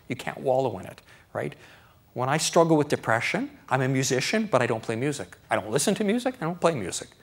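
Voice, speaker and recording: A middle-aged male doctor delivers a live lecture on health to an audience. He speaks conversationally, with animated swings in his delivery. He acts out his own thoughts along the way and keeps checking in with the listeners. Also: medium pitch. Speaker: doctor giving a public lecture.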